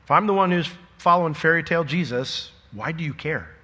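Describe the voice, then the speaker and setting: A middle-aged man preaching a sermon, lively and joking, acting out imagined conversations before dropping to a quieter, earnest tone. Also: on the high side, brisk, husky, long reverb tail. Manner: animated, jokey, acts out imagined dialogue.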